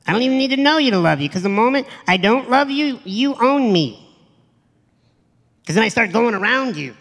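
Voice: mid-range voice, expressive, moderate pace, fairly bright tone, long reverb tail. A motivational speaker giving a live stage talk to an audience, blunt and profane, emphatic, acting out quoted voices.

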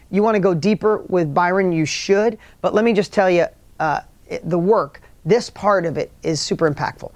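A man's voice: high-pitched, no room sound. A middle-aged man giving a motivational talk, earnest and rambling, often restarting his sentences. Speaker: motivational speaker.

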